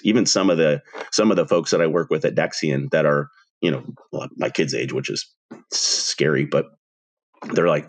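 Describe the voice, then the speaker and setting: A man in his forties co-hosting a podcast, telling stories in a lively way and acting out the dialogue. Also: a bass voice, moderate pace. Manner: animated storyteller, acts out dialogue. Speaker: podcast co-host. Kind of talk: casual podcast chat.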